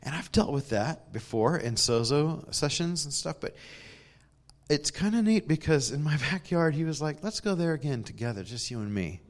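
A man's voice: a little high, animated, moderate pace. A man giving a conversational sermon in a church, telling stories with self-deprecating humor and laughs. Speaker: preacher.

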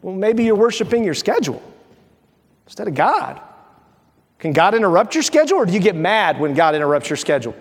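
A man preaching a sermon as pastor, animated and playful, acting out little dialogues. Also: high-pitched, fairly quick, pauses often. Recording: long hall reverb.

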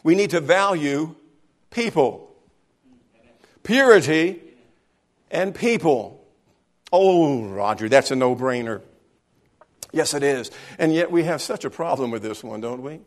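Emphatic higher-voiced male pastor preaching. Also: expressive, unhurried, pauses often. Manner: earnest, emphatic preaching with repeated phrases. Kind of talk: sermon. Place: church.

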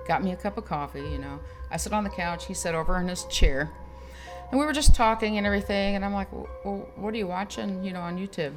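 A woman co-hosting a podcast, telling a dating story in casual chat, animated and laughing as she goes. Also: mid-range voice, fast, over music. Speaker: podcast co-host.

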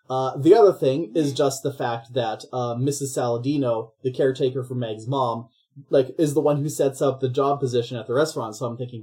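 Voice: medium pitch, fairly quick. A podcast host rambling through a comedic film recap, stopping to act out the characters. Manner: rambling, animated storytelling with voices.

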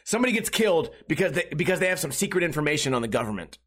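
A man's voice: a little high, very animated, racing, a bit bright, slightly rough. A man hosting a solo comedy podcast, ranting in an exasperated, mocking way with lots of repetition. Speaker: podcast host.

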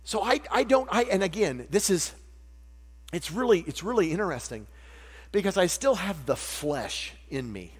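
A man preaching a sermon, animated and jokey, acting out little voices as he teaches. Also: high-pitched, normal speed, breathy edge. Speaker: pastor. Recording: long hall reverb with mains hum.

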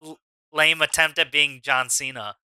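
A man narrating a tabletop wrestling game as game master, in an unhurried way with lots of ums and uhs. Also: fairly high pitch, fairly even intonation, sharp tone, clean tone.

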